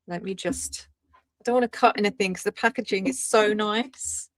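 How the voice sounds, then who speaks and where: A woman tarot reader hosting a casual live stream, chatty and excitable, laughing often and greeting viewers by name. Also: medium pitch, normal speed, no room sound, clean studio sound.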